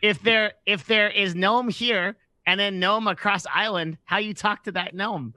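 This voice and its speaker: Tabletop game figure: a man voicing a dim, friendly goblin man, high and bright, broken grammar, dry sound. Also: fairly even intonation, measured pace, no room sound, heavily acted. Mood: curious. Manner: broken third-person speech. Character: simple-minded male goblin adventurer.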